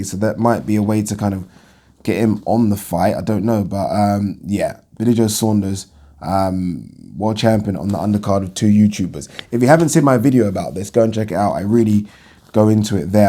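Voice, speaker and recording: A man's voice: fairly low pitch, dark tone. A man hosting a boxing channel, giving blunt, opinionated casual commentary and swearing when annoyed.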